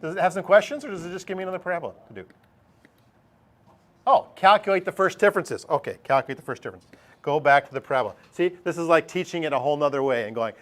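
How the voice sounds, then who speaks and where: Math teacher guy talking through a lesson, asks himself stuff out loud, kinda high voice. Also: fast talker. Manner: chatty, talks to himself and asks himself questions aloud. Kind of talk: recorded screen lesson.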